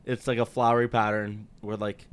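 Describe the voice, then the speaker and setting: A man's voice: on the low side, level tone, brisk, clean tone. A man in his twenties in casual chat, laid-back, swearing and laughing a lot. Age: 20s.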